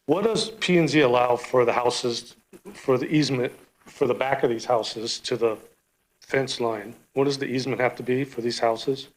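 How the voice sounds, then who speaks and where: A man's voice: mid-range voice, normal speed, poor audio. A man in a middle register speaks at a council podium in a plainspoken, casual way. He asks direct questions and lays out his concern without ceremony. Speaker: resident giving public comment. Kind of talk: informal public comment. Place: city council chamber.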